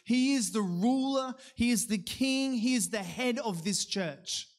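A man preaching a sermon. He reads scripture and prays in a lower, measured voice, then talks to the congregation casually, with many fillers and self-corrections.

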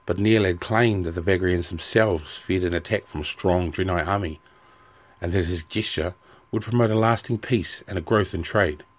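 Man, deep voice, fantasy audiobook narrator, measured, even.

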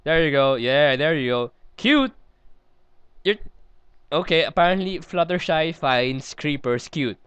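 A man's voice: a little high, lively intonation, a little slow, fairly bright tone, clear, resonant tone, no echo, lo-fi sound. A man hosting a let's play, rambling and giggling through casual gameplay commentary as he talks to himself.

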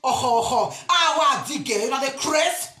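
A Nigerian woman rants to her online audience in a high, sharp voice. She is loud and emphatic and keeps breaking into shouts. The sound bounces around an echoey room. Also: lively intonation, moderate pace. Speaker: spiritual vlogger. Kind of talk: impassioned rant to camera.

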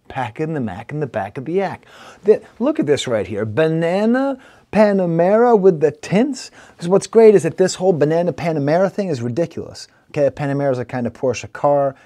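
A man with a Rochester, New York accent reviewing a rap album in casual talk, playful and animated as he recites and picks apart rhymes. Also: on the high side. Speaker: music reviewer.

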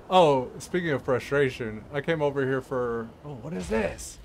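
A man's voice: medium pitch, expressive, takes it slowly, darkish tone, slight background noise. A man giving casual, rambling commentary while playing a game, laughing often and talking to himself. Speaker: gameplay streamer.

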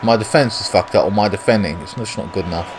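A British man mutters and swears his way through live commentary on his own football video game. His voice sits a little low, and he talks to himself between moves. A steady noise hums clearly behind him. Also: fast talker, a crowd in the background. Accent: British English. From Britain. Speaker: gaming YouTuber.

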